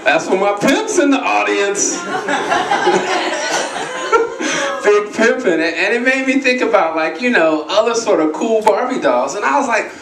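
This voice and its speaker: A man doing a stand-up comedy routine on a live stage, telling stories in an animated way and acting out what other people said. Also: sits high, a little slow, pauses often. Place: live stage at a charity show. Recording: roomy, distant live recording with clear noise.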